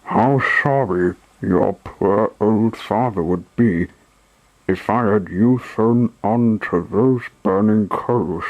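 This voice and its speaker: Fire Eater, a man doing a gruff puppet showman. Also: lowish voice, slow, no room sound, muffled recording. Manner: harsh, commanding. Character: gruff bearded male puppet showman, harsh.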